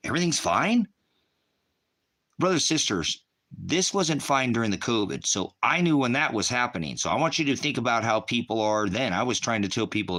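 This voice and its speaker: Middle-aged guy ranting, swears a lot, bright sharp voice, goes off on tangents. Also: medium pitch. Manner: rambling, combative, swearing. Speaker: online ministry host. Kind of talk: profane ranting monologue.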